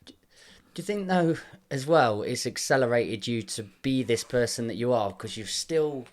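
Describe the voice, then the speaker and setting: A man hosting a podcast, reflecting aloud and gently affirming his guest. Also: mid-range voice, expressive, moderate pace. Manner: thoughtful, affirming, many soft backchannels. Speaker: podcast host. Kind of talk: reflective interview chat.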